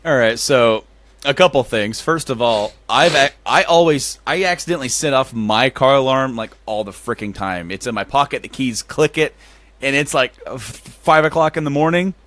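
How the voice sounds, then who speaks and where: A man's voice: mid-range voice, expressive, moderate pace, a bit bright, no echo. A man co-hosting a podcast in casual chat, laughing often and talking loosely with plenty of swearing. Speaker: podcast co-host.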